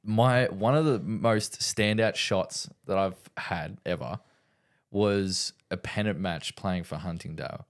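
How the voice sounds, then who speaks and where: A man's voice: low-pitched, takes it slowly. A young Australian man, a podcast host, telling stories in casual chat. He laughs through his lines and swears freely.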